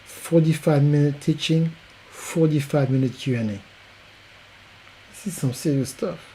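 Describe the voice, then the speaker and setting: A man with a French accent giving an emphatic, repetitive promotional pitch as a podcast coach. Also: measured pace, dark tone, slight background noise, low-quality recording.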